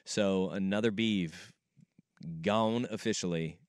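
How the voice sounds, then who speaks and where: A man's voice: on the low side, clean tone, no echo. A man hosting sports talk radio in a studio, opinionated and emphatic. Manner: emphatic, opinionated, quick to agree. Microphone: studio microphone.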